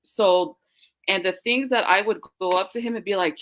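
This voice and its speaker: A young woman in casual podcast chat, telling her story with animated quoted voices. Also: mid-range voice, moderate pace, rough recording. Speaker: guest.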